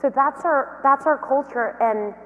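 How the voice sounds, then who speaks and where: Woman giving a lively keynote in a reverberant hall. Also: high-pitched, measured pace, narrow, tinny audio. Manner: lively, anecdotal storytelling. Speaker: keynote speaker and company founder. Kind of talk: motivational keynote talk.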